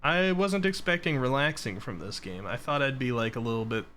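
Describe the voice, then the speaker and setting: Man from the Boston area, casual streamer, bright clear tone, faint hum underneath. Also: medium pitch, brisk. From Boston area, Massachusetts. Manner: relaxed, chatty, reads out chat messages. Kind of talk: casual chat while playing a game.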